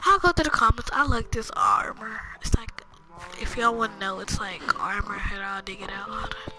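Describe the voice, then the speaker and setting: A woman's voice: on the high side, noisy background. A young woman giving rambling, casual commentary to viewers while playing a game, often dropping to murmurs. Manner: chatty, rambling, talks to viewers as "y'all". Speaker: gaming channel host. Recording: music playing behind voice.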